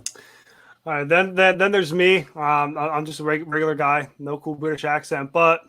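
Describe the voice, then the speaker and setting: A man with a slightly high voice and a very flat, even melody talks as a guest analyst. He rambles along casually and keeps reaching for the same fillers. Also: moderate pace. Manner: rambling, leans on "you know" fillers. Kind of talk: casual chat.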